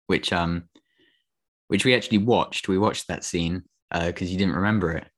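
Guy with a really low voice chatting on a podcast, jokey, laughs a lot. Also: fairly even intonation, a bit bright. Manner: joking, quick to laugh. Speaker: podcast co-host. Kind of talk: casual chat.

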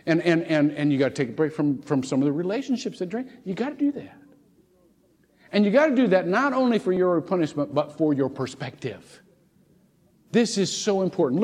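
Animated preacher in a reverberant church hall. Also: male voice, fairly high pitch, breathy edge. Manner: animated and conversational, with many restarts and chuckles. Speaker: pastor. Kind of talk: sermon. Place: church sanctuary.

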